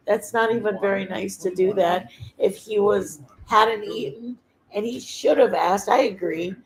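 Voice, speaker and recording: Her medium-pitched voice is gravelly and darkish, and the audio is poor. This middle-aged livestream host chats casually and sincerely, wandering a little and frequently stopping as she searches for what to say.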